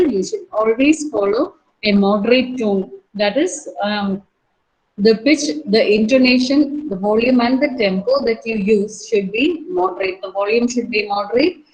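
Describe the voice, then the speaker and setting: A woman teacher with an Indian English accent, giving a lecture to a college class. She explains slowly, repeats herself and uses many fillers. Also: mid-range voice, darkish tone, low-quality recording.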